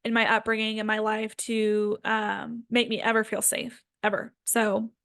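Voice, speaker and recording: A woman's voice: medium pitch, completely flat delivery, measured pace, gravelly, a bit bright, dry recording. A woman in her twenties giving a casual, earnest spiritual self-help talk, full of "like" and "um". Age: 20s. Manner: earnest, filler-heavy with frequent "like" and "um". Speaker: spiritual healing coach.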